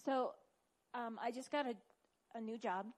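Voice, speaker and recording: Tearful woman speaking haltingly. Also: fairly high pitch, poor audio. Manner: hesitant, halting. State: near tears. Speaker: class member. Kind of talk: sharing a personal struggle.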